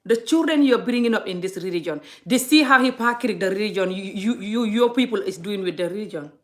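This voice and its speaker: A woman's voice: mid-range voice, fairly quick. A middle-aged woman from Gambia vlogging in an earnest, impassioned monologue, often restarting and repeating herself. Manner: earnest, frequent restarts and repetition.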